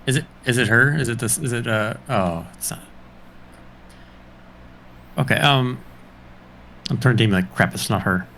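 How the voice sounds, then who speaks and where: A man's voice: medium pitch, normal speed, pauses often, a little hiss or hum. A man playing in a streamed tabletop game, eager and prone to repeating himself. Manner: eager, repeats words when excited. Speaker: player. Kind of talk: casual tabletop game play.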